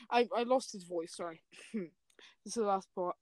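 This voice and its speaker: A woman's voice: mid-range voice, normal speed, darkish tone, no echo. A young woman hosting a casual chat, reading fan fiction aloud with melodramatic flair and joking between lines. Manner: reads melodramatically, breaks into laughter and jokes.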